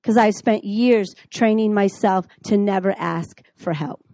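A middle-aged woman teaches a class on the Bible, telling her own testimony like a lively storyteller. She acts out the dialogue as she goes. Her mid-range voice sounds dry and close, with no room echo. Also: mid-range voice, a little slow.

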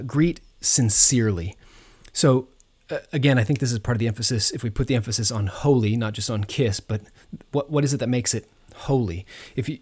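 A man preaching a sermon in an earnest, measured teaching manner, pausing on fillers and restarting phrases. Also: mid-range voice. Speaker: pastor.

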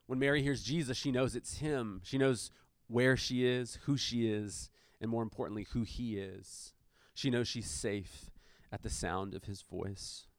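Here a pastor with a mid-range voice preaches unhurriedly, in a dry recording. He alternates between reading scripture aloud and lively, filler-laden commentary with casual asides, keeping the sermon conversational.

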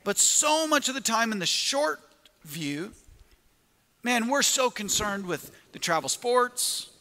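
A man's voice: very high voice, animated, slow, pushed and bright, long reverb tail. A man preaching a sermon, telling a story with quoted asides and frequent restarts.

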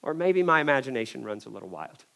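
A man preaching a sermon, telling a story in an animated way and swinging from loud emphasis to hushed moments. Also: mid-range voice, fast, vocal fry.

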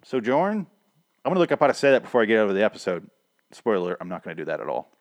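A man with a fairly low voice hosts a casual solo podcast about a TV show. He rambles excitedly, trips over his words, restarts his sentences and swears freely. His voice is starting to go hoarse. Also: very fast, no echo. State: voice going hoarse. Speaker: podcast host.

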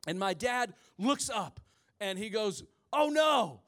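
Preaching to his congregation in church, this pastor in his forties from the rural Midwest tells stories laced with humorous asides. His high voice is bright and forceful, and he takes his time.

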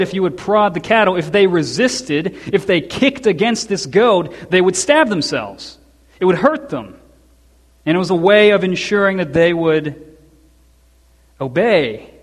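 Fairly high-voiced preacher in a reverberant hall. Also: male voice, expressive. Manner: conversational storytelling with quick asides and chuckles. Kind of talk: expository sermon.

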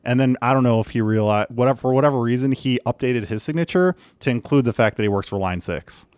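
A man's voice: medium pitch, fast talker, a little mellow, clean tone, no room sound, studio quality. A man co-hosting a podcast, talking in a loose, rambling way full of fillers and casual swearing. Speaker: podcast co-host. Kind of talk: casual chat.

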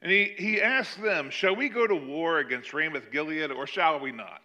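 A man delivers a sermon with a bright, forceful voice pitched a little high. He retells a Bible story with lively energy, slipping into the characters' lines as he goes. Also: moderate pace. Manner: animated storytelling, acting out quoted lines. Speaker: pastor.

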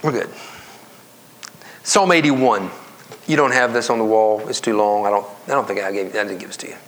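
A male pastor giving a conversational sermon that climbs to emphatic, high-pitched stress and drops to hushed whispers. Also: moderate pace, slight background noise. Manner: conversational preaching, rising to emphatic highs and dropping to whispers.

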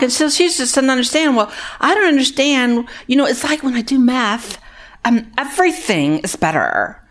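A woman who runs a women's recovery ministry, telling animated, heartfelt stories to an audience. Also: high voice, normal speed. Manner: animated, acts out other people's voices; earnest and heartfelt, drops quieter on sad moments. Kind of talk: storytelling talk to an audience.

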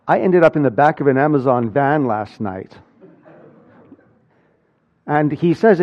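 A man preaching a sermon, telling a personal story with animated swings between loud and hushed delivery. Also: a little high, normal speed. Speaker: pastor.

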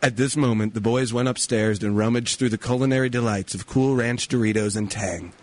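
A man's voice: medium pitch, steady tone, fairly quick, dry recording. A man narrating a comedy sketch in a mock-dramatic storybook manner.

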